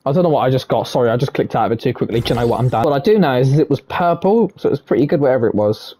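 A man giving loud, excitable gameplay commentary from his room, boastful and swearing freely, his voice hoarse from shouting. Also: medium pitch, rapid-fire. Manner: excitable, boastful, swears a lot, shouts and cackles in tense moments. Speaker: gaming video creator.

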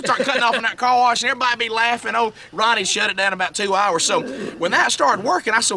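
A man telling a funny story in a lively, chuckling way, outdoors by a lake. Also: high voice, quick pace, creaky, hardly any pauses. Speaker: radio host, guest on outdoors show. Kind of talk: animated storytelling.

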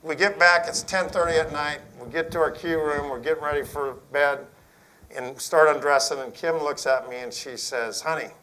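A middle-aged man, an Air Force general, telling a story to school principals in a folksy, earnest way, dropping to a hush for emphasis. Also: on the high side, fairly even intonation, normal speed, poor audio.

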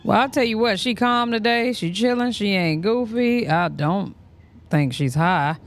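A woman's voice: mid-range voice, unhurried. A woman hosting a reaction stream, giving candid, slangy, outspoken commentary in a casual way. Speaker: reaction channel host.

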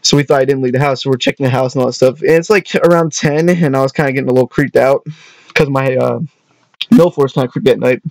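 A man's voice: mid-range voice, fairly even intonation, fast, creaky. A young man casually telling a storytime tale, rambling, restarting his sentences and often adding "you know what I mean".

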